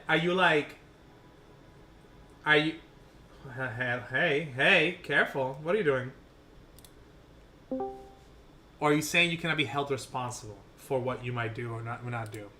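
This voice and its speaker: A tired young man streaming a game, chatting with viewers in an excitable, rambling way and swearing now and then. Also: mid-range voice, a little slow, long pauses. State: tired, short on sleep. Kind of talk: casual live-stream chat while gaming.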